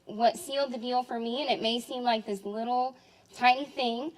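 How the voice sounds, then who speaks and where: A woman in her twenties, the maid of honor, giving a jokey, animated wedding toast full of laughs. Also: on the high side, moderate pace, rough recording. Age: 20s. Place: wedding reception.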